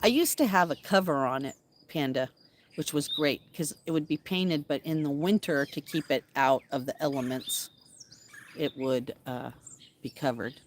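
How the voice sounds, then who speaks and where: Low, rugged-voiced woman chatting outdoors. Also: moderate pace, slight background noise. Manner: chatty, talks to backyard animals in a playful singsong. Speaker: vlogger. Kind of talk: casual live chat with viewers. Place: backyard outdoors.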